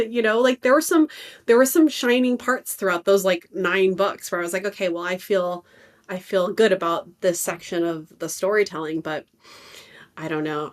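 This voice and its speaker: A woman co-hosting a podcast in casual chat, chatty and opinionated, rambling through her views. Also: mid-range voice. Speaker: podcast co-host.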